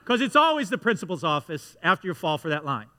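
A man preaching a sermon to his congregation, telling a story with lively asides that pull the listeners in. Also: sits high, fast, long reverb tail. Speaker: pastor. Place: church sanctuary.

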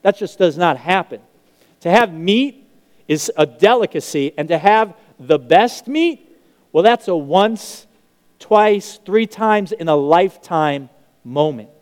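A man preaching a sermon, telling a parable in an animated way and acting out the characters' lines. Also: high-pitched, takes it slowly. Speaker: pastor. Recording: long hall reverb.

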